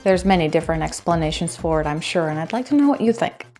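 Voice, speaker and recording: Reaction host, woman, lowish voice, blunt and opinionated, faint music underneath. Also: animated, quick pace, a little mellow. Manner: blunt and opinionated, addresses viewers directly. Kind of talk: casual direct-to-camera commentary.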